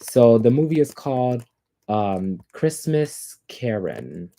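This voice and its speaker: A man's voice: mid-range voice, big pitch swings, slow pace, warm tone. A man hosting a casual livestream, rambling and chatty, with lots of fillers. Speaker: livestream host.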